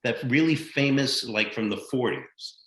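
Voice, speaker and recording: An older American man, a guest actor telling lively, blunt, profane stories from his career in a casual interview. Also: medium pitch, unhurried. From United States. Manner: animated anecdotal storyteller, blunt and profane. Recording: echoey room sound.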